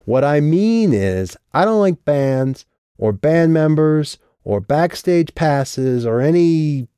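A man reading an audiobook and voicing a sharp, sardonic woman who has been drinking. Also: mid-range voice, expressive, normal speed, no echo, clean studio sound, voice pushed up, lightly acted. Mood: slurred.

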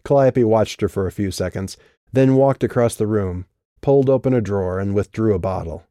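Narrating an audiobook from a script, a man speaks in a low-sided voice with calm, measured delivery. There's no room sound, and the quality is studio-grade.

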